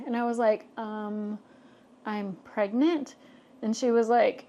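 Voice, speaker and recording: A woman's voice: on the high side, a little slow, darkish tone, dull audio. Candid young woman podcast co-host. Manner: frank, filler-heavy, acts out others' remarks in quotes. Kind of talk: candid conversational storytelling.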